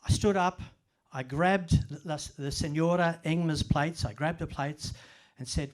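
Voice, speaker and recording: A man's voice: fairly high pitch, measured pace, hardly any pauses. An older man giving a self-deprecating, humorous storytelling talk at a library event. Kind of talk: storytelling presentation.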